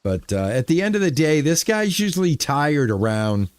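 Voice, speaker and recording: A man's voice: a little high, sing-song, normal speed, smooth, no echo. A man chatting casually to his live chat while playing a farming game, rambling and easygoing. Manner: laid-back, rambling, talks to chat. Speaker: streamer.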